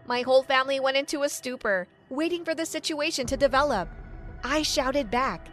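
A woman with a high, light voice tells a first-person story with dramatic storytelling flair. Soft music plays faintly under her narration, keeping a steady podcast feel. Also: moderate pace.

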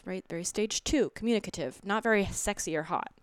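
A woman relationship coach giving casual, animated advice, slipping into playful acted voices. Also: mid-range voice, fairly quick, smooth, dry recording, studio quality.

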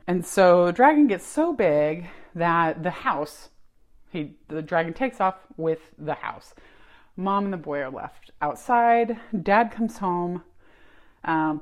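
A woman hosting her own podcast, talking in a casual, reflective way with many fillers and restarts. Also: on the low side. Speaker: podcast host. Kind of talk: casual solo podcast talk.

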